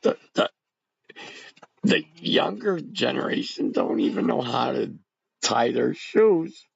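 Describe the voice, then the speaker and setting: A man's voice: medium pitch, expressive, slow pace, creaky, husky, dry recording, dull audio. A middle-aged man rambling casually to his viewers on a livestream, greeting chat by name. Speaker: livestream host. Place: home bunker.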